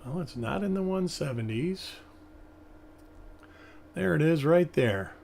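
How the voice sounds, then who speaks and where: A man with a slightly higher voice hosts a casual live stream, thinking aloud and rambling while he examines coins. Faint background noise sits under his voice. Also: animated, slow pace, vocal fry, darkish tone. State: hiccups. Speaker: host.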